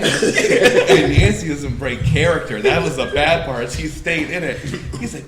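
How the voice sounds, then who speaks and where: A man's voice: fairly high pitch, animated, slow pace. A man telling a wild story on a podcast, laughing and swearing as he acts out the people in it. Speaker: podcast guest. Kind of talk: casual storytelling. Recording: echoey room with clear background noise.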